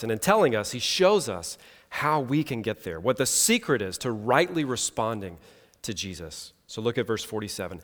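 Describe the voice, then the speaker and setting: A man's voice: mid-range voice, fairly bright tone. Man preaching in a reverberant hall. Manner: earnest, measured preaching with slow emphatic pauses. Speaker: pastor. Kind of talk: sermon.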